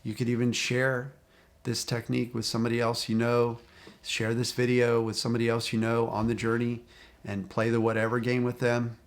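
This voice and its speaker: A man speaking as a recovery coach, talking straight to the viewer in a calm, repetitive, encouraging way. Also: mid-range voice, brisk. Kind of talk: direct-to-camera coaching talk.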